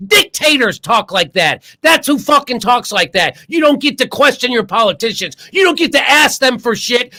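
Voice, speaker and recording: A man's voice: very high voice, expressive, moderate pace, hardly any pauses, bright, forceful tone. An older man hosting a political show, ranting with profanity and a string of rhetorical questions over a video call. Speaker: comedian political show host. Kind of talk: heated political talk.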